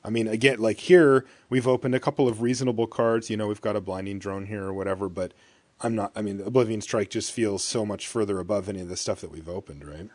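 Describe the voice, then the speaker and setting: A man co-hosts a casual podcast, steering the talk and reading card text aloud. His voice sits on the low side. It is recorded dry and close to the mic. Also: fairly even intonation, fast talker, a little mellow, no room sound. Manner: leads the discussion, reads out card text. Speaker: podcast co-host.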